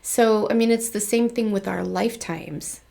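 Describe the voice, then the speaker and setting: A woman's voice: medium pitch, moderate pace, creaky, mellow. A woman hosting her own channel, talking casually to viewers, chatty, laughing often and acting out little exchanges of dialogue. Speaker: spiritual channel host. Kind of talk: casual talk to camera.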